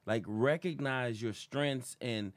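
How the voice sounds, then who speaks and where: A man's voice: medium pitch, no room sound. A man guest on a podcast, speaking earnestly and reflectively in casual chat. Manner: earnest, reflective, drawn-out phrasing.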